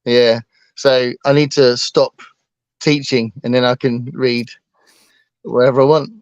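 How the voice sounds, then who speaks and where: A man's voice: mid-range voice, little pitch movement, measured pace, clear, resonant tone, dry recording, muffled recording. A man co-hosting a casual book livestream, talking hesitantly with lots of ums and restarts. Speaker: book channel co-host.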